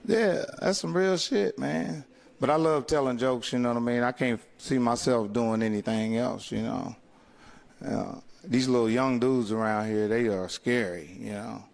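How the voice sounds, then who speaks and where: A man doing stand-up comedy, telling profane stories loudly, laughing through them and acting out voices. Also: medium pitch, normal speed, vocal fry, big-room sound. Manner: loud, laughing, acts out voices.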